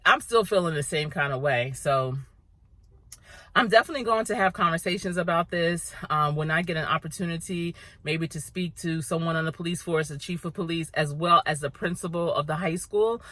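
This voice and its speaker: A woman's voice: fairly low pitch, fairly bright tone, dry recording. A middle-aged woman vlogging to camera in an earnest, ranting way, chewing gum as she talks. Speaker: vlogger, coach. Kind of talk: casual vlog talk to camera.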